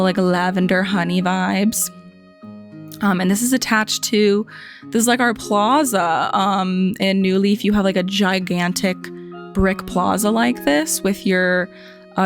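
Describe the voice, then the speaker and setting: A woman giving a casual, chatty tour of a game island, full of "like" and "um", joking playfully at the characters. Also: medium pitch. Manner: chatty, lots of "like" and "um" fillers. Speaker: gaming video host. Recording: faint music underneath.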